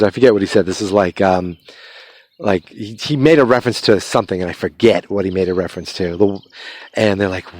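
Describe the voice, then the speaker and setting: A man's voice: fairly low pitch, normal speed, dry recording. A man hosting a podcast, casually retelling a movie's plot in a loose, rambling way, with many fillers and restarts. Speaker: podcast host.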